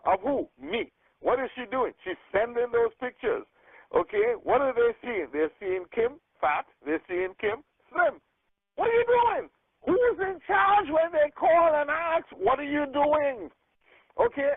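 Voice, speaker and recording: A man leading a group call as a sales coach, giving an energetic motivational talk, checking in with "okay?" and acting out phone conversations. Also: very high-pitched, a little slow, vocal fry, slightly rough, dry recording. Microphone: telephone. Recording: tinny phone line.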